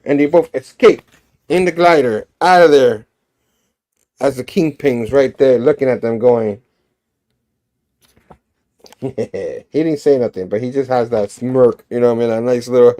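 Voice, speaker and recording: A man's voice: mid-range voice, animated, a little slow, long pauses, darkish tone. A man reviewing a comic, retelling its story animatedly with sound effects and frequent laughs.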